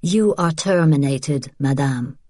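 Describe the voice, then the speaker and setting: Woman voicing a cold, low secret police agent. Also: slow pace, dark tone, no echo, studio quality. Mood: cold menace. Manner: cold, clipped, level interrogation.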